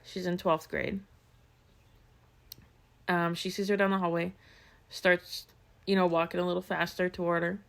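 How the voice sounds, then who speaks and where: A woman's voice: fairly low pitch, level tone, normal speed, creaky, long pauses, a bit bright. A woman co-hosting a podcast, casually retelling true-crime stories with lots of fillers and quoted asides. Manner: chatty storyteller, many fillers and quoted asides. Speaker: podcast co-host.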